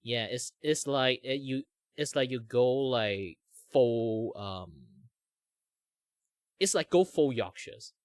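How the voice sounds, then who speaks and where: Ein junger Mann mit malaysischem Akzent, der im lockeren Plauderton abschweift, oft „like“ einstreut und lebhaft Stimmen nachmacht. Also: male voice, mid-range voice, slow, no echo, studio quality. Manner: rambling, many "like" fillers, animated impressions. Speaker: streamer host. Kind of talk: casual chat while drawing.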